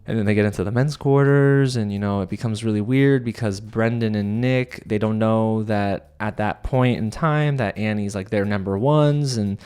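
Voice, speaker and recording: A man's voice: moderate pace, hardly any pauses, darkish tone, clean tone. Chatty opinionated man recapping a reality show. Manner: chatty and opinionated, voice jumps high when incredulous. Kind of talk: casual recap commentary.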